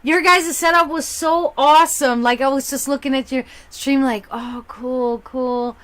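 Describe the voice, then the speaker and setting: Woman, German accent with a hint of Slavic, native German speaker, pitched a bit high; chatty livestream host with a bubbly, swinging delivery. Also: moderate pace, a bit bright. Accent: German with a slight Slavic touch. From half German, half Serbian. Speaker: psychic reader and livestream host. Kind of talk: casual livestream chat.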